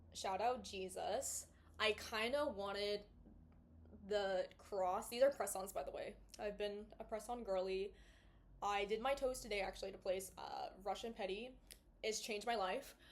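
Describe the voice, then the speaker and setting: A woman's voice: medium pitch, a little slow. Twenties female host, loose casual chat full of asides, recorded in her bedroom. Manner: chatty, rambling, full of fillers and asides. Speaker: podcast host. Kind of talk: casual talking-to-camera chat. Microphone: small clip-on mic.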